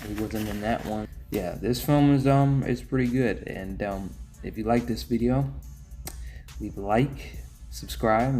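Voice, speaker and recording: A man's voice: lowish voice, mellow. A young man giving a casual, rambling spoken movie review, full of restarts and offhand asides. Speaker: film reviewer.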